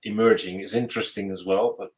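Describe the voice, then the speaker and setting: Man, podcast host, futurist, lowish voice, reflective restarts, conversational. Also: steady tone, a little fast, rough recording. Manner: thoughtful, searching phrasing with frequent restarts. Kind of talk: casual conversational interview.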